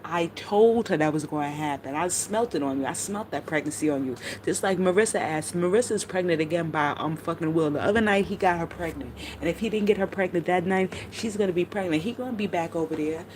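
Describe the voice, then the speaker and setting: A woman's voice: fairly low pitch, fairly quick, hardly any pauses, darkish tone, a little hiss or hum, low-quality recording. A middle-aged woman streaming, chatting casually and bluntly about online drama, gossipy and full of profanity. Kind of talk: casual livestream chat.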